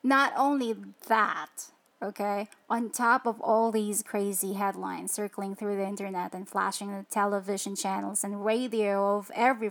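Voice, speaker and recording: A woman hosting a faith-based motivational show, chatting with listeners and asking them rhetorical questions. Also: medium pitch. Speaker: show host.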